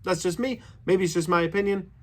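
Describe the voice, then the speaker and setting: A man's voice: high-pitched, brisk. A man in his thirties giving a casual, opinionated horror movie review, chatty and full of "like". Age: 30s.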